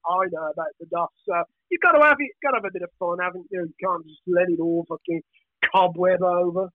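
A man's voice: high-pitched, quick pace, dry recording. A middle-aged man with a Birmingham accent, chatting in a hyper, rambling way, swearing a lot and asking "you know what I mean?" over and over. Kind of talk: casual podcast chat. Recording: tinny phone-like line, dry.

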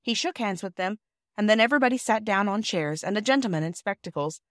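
A woman reading a classic children's novel aloud in a gentle storytelling manner. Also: mid-range voice, lively intonation, quick pace, no room sound, clean studio sound. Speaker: audiobook reader. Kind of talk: scripted narration.

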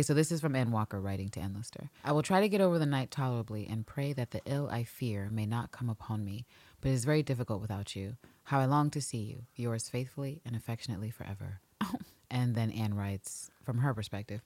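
A woman co-hosting a casual podcast, reading historical passages aloud and then riffing on them with animated asides and laughter. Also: extremely low pitch, no echo. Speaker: podcast co-host. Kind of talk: casual chat, reading from a book.

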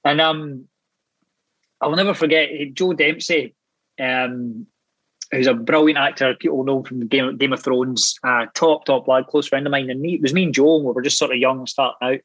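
A Scottish man in his thirties, an actor guest telling animated, sweary anecdotes with laughing asides in casual chat. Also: mid-range voice, normal speed, dry recording, poor audio. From Scotland.

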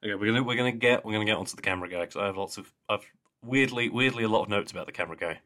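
A man's voice: lowish voice, very fast, bright, forceful tone. A young man co-hosting a podcast, chatting casually with laughs and trailing mumbles. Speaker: podcast co-host. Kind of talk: casual chat.

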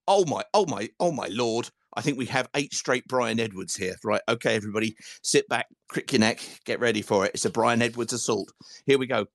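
Gravelly-voiced football podcast host. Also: male voice, medium pitch, no echo, studio quality. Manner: chatty, self-mocking, sweary banter. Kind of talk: casual football phone-in chat.

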